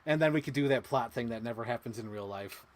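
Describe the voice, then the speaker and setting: A woman's voice: a bass voice, fast talker. A woman co-hosting a casual movie podcast, talking animatedly and acting out scenes in quoted voices. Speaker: podcast co-host. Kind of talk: casual chat.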